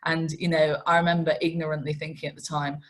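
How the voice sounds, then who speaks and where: A woman, a racing TV presenter telling self-mocking, animated stories in an interview. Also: deep voice, quick pace. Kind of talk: interview anecdotes.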